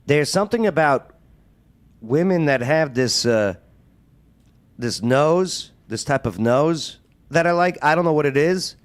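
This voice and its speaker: A man's voice: fairly high pitch, measured pace, pauses often. A man hosting a casual talk show, joking and plugging the show. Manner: animated, joking, plugs the show. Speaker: show host.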